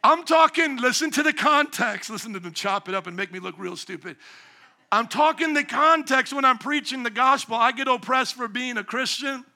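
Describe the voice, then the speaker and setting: Pastor, man, forties, high and bright voice, animated preaching with loud emphatic bursts. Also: a little fast. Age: 40s. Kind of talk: sermon.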